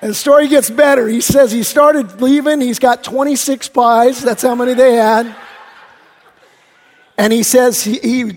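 Male pastor, high voice, animated and casual in the pulpit; long hall reverb. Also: a little slow. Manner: animated storyteller, chatty, many fillers. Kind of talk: sermon. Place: church sanctuary. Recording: long echo in a church hall.

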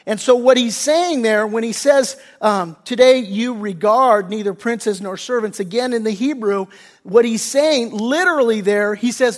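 Man, pastor, sermon, high voice, animated, shifts between loud and hushed. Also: normal speed. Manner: animated, acts out quoted speech with loud bursts and hushed wails.

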